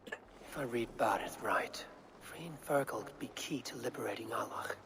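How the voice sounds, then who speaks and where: An actor playing a gruff, terse Norse warrior in video game dialogue. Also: male voice, medium pitch, normal speed, noisy background. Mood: whispered thoughts. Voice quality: gravelly, terse.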